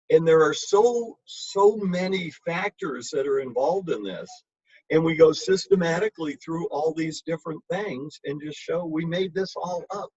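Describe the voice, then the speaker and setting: Husky, emphatic male wine lecturer. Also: a little high, a little mellow, no echo. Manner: emphatic, blunt and chatty. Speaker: wine educator. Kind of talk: informal lecture. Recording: dull lo-fi recording.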